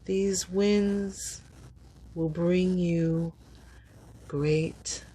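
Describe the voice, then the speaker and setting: A woman giving a casual, upbeat tarot reading, chatty and quick to laugh. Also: fairly low pitch, steady tone, dark tone, husky, poor audio. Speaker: tarot reader.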